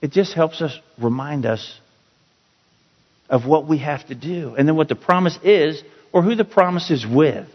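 A man teaching a Bible passage as a pastor, slow and emphatic, repeating key words for his listeners. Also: on the high side, animated. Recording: dull, roomy hall sound.

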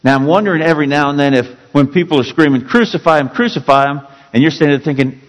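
A male pastor preaching a sermon with dramatic, emphatic storytelling that drops suddenly to quiet. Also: fairly high pitch, fast talker, few pauses, big-room sound, low-quality recording.

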